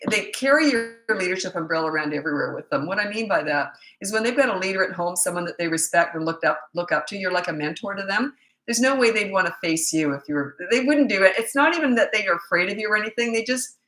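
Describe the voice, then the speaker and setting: A woman's voice: medium pitch, fairly bright tone, reverberant, poor audio. A middle-aged woman parenting coach talking through viewer questions in a chatty, emphatic live advice session.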